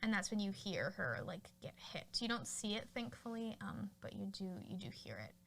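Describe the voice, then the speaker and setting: A woman's voice: mid-range voice, sing-song, moderate pace, gravelly, a bit bright, slight background noise. A woman hosting a podcast, casually retelling a film's plot with lots of fillers. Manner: chatty, full of fillers like "like" and "you know". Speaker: podcast host. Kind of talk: casual film recap.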